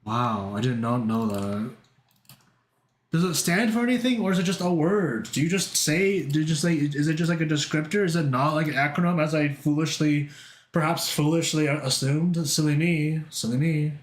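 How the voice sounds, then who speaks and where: A male streamer chatting with his viewers, rambling and excitable, tripping over filler words and swearing a lot. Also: a little high, moderate pace. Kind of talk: casual chat with stream viewers. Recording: echoey room.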